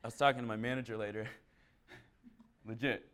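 Male preacher, conversational and animated, jokes through his sermon. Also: medium pitch, normal speed. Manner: chatty, humorous, animated. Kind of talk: sermon with storytelling.

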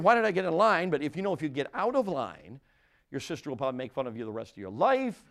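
An older male preacher delivers a sermon with a humorous personal story, his voice swinging up and down with lively expression. He talks straight to the congregation, tossing them questions and starting his sentences over as he goes. His pitch sits in the middle of the male range. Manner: animated, audience-engaging, frequent restarts and asides. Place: church before a congregation.

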